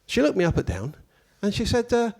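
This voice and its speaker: A male stand-up comedian with a fairly high-pitched voice. He tells his stories in a deadpan, mock-pompous manner and drops dry asides along the way. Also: fairly quick, gravelly.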